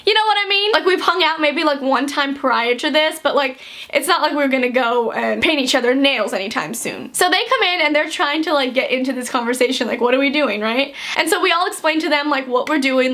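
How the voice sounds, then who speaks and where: Young woman, high bright voice, chatty storytime vlog, animated. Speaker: vlogger.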